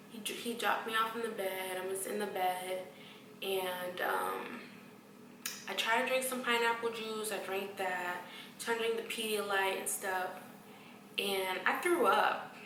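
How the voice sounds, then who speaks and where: A woman's voice: mid-range voice, fairly bright tone, roomy sound, recorded from a distance, a little hiss or hum. A woman vlogger telling a story in casual talk, blunt and profane, acting out what people said to her. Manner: blunt, profane, acts out quoted exchanges.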